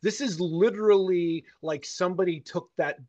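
A man's voice: high voice, normal speed, a little mellow, dry recording. Man ranting hotly on a podcast. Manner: heated, profane ranting. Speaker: podcast co-host. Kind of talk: casual podcast chat.

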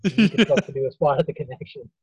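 A man's voice: on the high side, animated, fast, warm tone, slightly rough, no room sound, lo-fi sound. A man who does stand-up, joking crudely and swearing on a casual podcast, often trailing off at the ends of lines. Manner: profane, joking, mumbles off at line ends. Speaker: stand-up comic, podcast co-host.

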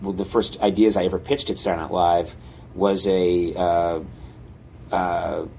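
Speaking in a low, creaky voice at an unhurried pace, a man tells stories as a guest comedian in a casual interview. He's animated, acting out scenes and breaking into sudden yelps, and a faint hiss or hum runs underneath.

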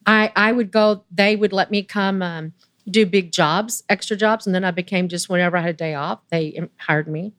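A woman in her sixties with a Southern US accent tells her story in a chatty, animated way, her voice jumping high when she gets excited. Her voice sits at an ordinary pitch and sounds close and dry. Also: normal speed, no echo. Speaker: interview guest. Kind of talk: personal storytelling.

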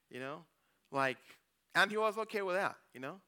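A man gives a conversational sermon as a church elder. His voice is bright and smooth. He tells personal stories, acts out his own reactions, and keeps checking in with the congregation. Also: high voice, lively intonation, moderate pace. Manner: storytelling, frequent "okay?" checks with the congregation.

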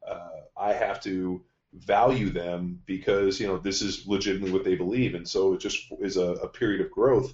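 Male podcast host, deep-voiced and blunt, swears freely, dull roomy recording. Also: fairly even intonation, moderate pace, darkish tone. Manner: blunt, profane storytelling. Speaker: podcast host, strength coach. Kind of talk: casual podcast talk. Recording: dull, roomy studio sound.

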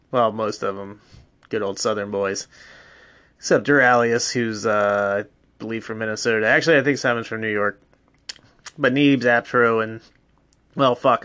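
A man's voice: lowish voice, clean tone, no room sound. Rambling, profane man podcasting at home. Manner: rambling, profane, deadpan mock-ad delivery. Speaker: podcast host. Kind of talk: casual solo podcast rambling. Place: home with pets around.

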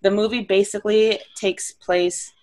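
A woman's voice: mid-range voice, fairly even intonation, a little slow, a little mellow. A young woman co-hosting a casual podcast, talking animatedly with lots of fillers and exasperated asides. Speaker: podcast co-host. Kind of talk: casual chat.

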